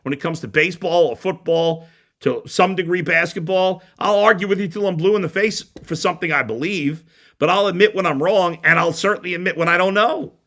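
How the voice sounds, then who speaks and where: A man's voice: high voice, brisk, sharp tone. A man hosting a sports talk show, ranting bluntly and heatedly with frequent stumbling restarts. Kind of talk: opinionated sports radio rant.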